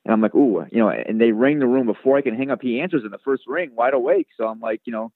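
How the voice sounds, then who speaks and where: A man's voice: medium pitch, fast talker, no echo. A man guest telling a long story in a casual interview, rambling with many fillers and restarts. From Chicago area. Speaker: guest, sports radio producer. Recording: tinny phone-like line.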